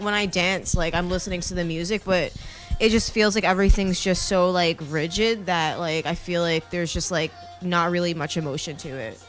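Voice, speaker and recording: A woman co-hosting a podcast, talking in an easygoing way with lots of filler words. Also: fairly low pitch. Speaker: podcast co-host. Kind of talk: casual chat.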